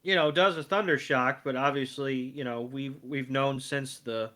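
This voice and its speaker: A man's voice: medium pitch, fairly even intonation, moderate pace, pushed and bright. A man recapping a cartoon episode as a podcast co-host, dry and wry, blunt with his jokes.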